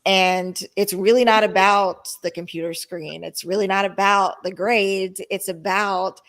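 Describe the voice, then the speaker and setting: A woman moderating a panel discussion, speaking thoughtfully and earnestly with frequent fillers. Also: medium pitch.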